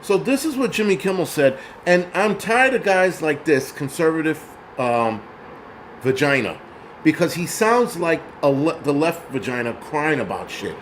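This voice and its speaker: A man's voice: fairly high pitch, lively intonation, normal speed, slight background noise. A man of Puerto Rican origin hosting his own show, ranting in a heated, profane, mocking way. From Puerto Rico. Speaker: host. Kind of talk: angry ranting commentary.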